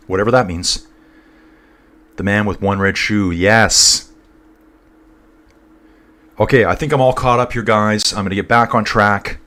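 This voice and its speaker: A man's voice: lowish voice, fairly even intonation, measured pace, long pauses, sharp tone. Chatty, rambling man on a live stream. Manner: chatty and rambling, talks to viewers as "guys" and "dude". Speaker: cycling race commentator. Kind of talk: casual live-stream commentary, chatting with viewers.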